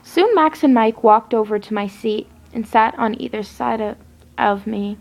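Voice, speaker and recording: A woman's voice: on the high side, unhurried, gravelly, a little mellow. A woman reading a first-person story aloud, with a dramatic, emotional and tearful delivery. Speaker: story reader.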